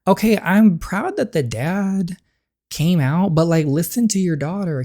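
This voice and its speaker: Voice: medium pitch, animated, a little slow, warm tone. A gaming streamer musing in a casual let's-play style, rambling and filled with "like".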